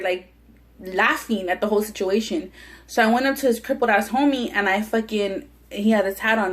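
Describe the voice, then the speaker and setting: A young woman vlogger telling a heated, profanity-laced personal story with lots of restarts while she eats on camera. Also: medium pitch. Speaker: mukbang vlogger. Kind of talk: casual storytelling while eating.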